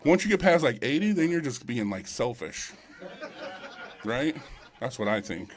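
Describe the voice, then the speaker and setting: A man's voice: medium pitch, very animated, unhurried. Crude, crowd-teasing stand-up comedian, a man. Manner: crude, crowd-teasing, loose rambling delivery. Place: live comedy show with audience.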